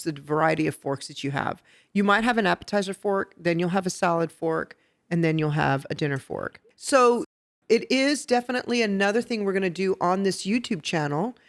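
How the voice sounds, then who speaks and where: A woman hosting a podcast who teaches etiquette step by step, checking in with "okay?" and getting lively and laughing when she tells stories. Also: fairly low pitch. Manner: instructive, explains step by step with "okay?" and "right?". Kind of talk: casual podcast chat. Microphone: podcast microphone.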